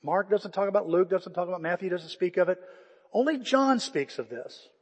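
An older pastor with a high, slightly rough voice preaches animatedly at normal speed, retelling scripture with feeling to his congregation. The conversational sermon takes place in a church sanctuary, where the recording carries long hall reverb.

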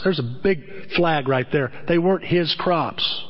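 A man's voice: a little high, expressive, moderate pace, hardly any pauses. Earnest male pastor in an echoing hall. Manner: earnest, conversational storytelling with repeats. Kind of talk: sermon. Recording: dull echoey hall recording.

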